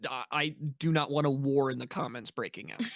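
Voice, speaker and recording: A man's voice: medium pitch, fairly even intonation, a little fast, fairly bright tone, no room sound, clean studio sound. A young man co-hosting a casual podcast, making wry teasing jokes. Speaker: podcast co-host.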